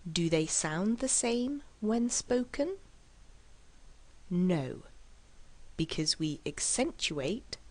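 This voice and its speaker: A woman with a low voice teaches an English lesson at a slow, unhurried pace. She enunciates carefully and deliberately, leaning hard on stressed syllables. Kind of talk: scripted lesson delivery.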